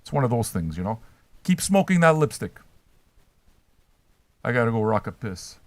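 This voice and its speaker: Older man, brash and profane, swinging pitch, dry close sound, faint music behind. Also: sing-song, moderate pace, no room sound. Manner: brash, trolling, swears constantly. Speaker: livestream host reacting to chat. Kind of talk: profane, rambling livestream chat.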